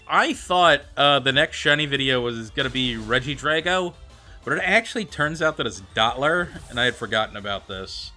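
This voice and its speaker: A young man streaming a game, reading out viewer comments and answering them in a chatty, animated way. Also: medium pitch. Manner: chatty, animated, answers chat with quick excited reactions. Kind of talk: casual livestream chat reading viewer comments. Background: faint background music.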